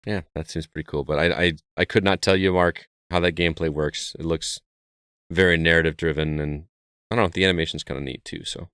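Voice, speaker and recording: A man's voice: sits low, fairly even intonation, brisk, a bit bright, clear, resonant tone, no room sound, studio quality. A man co-hosting a gaming podcast, steering the casual chat in an easygoing way. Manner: easygoing, leads the talk. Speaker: podcast co-host.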